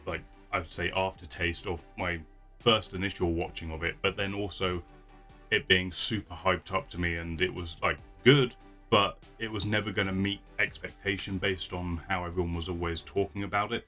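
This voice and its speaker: Casual male vlogger, deep and bright-toned, talks in loose rambling asides. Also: fairly even intonation, moderate pace, faint music behind. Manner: chatty, rambling with frequent restarts and laughs. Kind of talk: casual chat.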